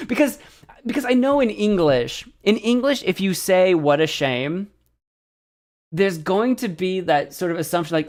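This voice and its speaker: A man's voice: a little high, expressive, moderate pace. An American man streaming, chatting casually as he practices a language app, thinking aloud and second-guessing himself.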